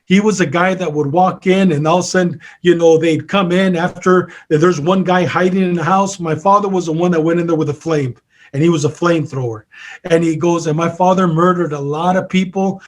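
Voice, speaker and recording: Older man, high-pitched, earnest storyteller quoting conversations; retired counselor being interviewed. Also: fairly even intonation, fairly quick. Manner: earnest, retells with many quoted exchanges. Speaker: peer counselor and author.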